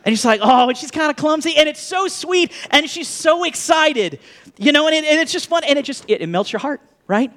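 A man in his thirties, a pastor, giving a conversational sermon with lively asides and jokes to the congregation. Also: very high-pitched, a little fast.

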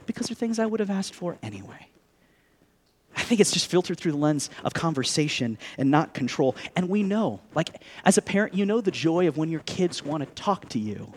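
A man in his thirties, a pastor, giving a conversational sermon with lively asides and jokes to the congregation. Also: high voice.

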